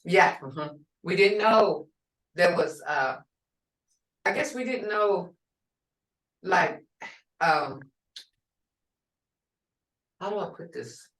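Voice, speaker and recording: An older woman teaching a language class, speaking slowly and patiently and repeating words for her learners. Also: on the low side, expressive, a bit bright. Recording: roomy and distant from the mic.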